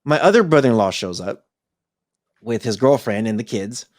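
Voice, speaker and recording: A young adult man, a podcast co-host, telling a story in a casual, animated way and acting out the people in it. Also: mid-range voice, moderate pace, no echo, studio quality. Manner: animated, acts out voices in his story.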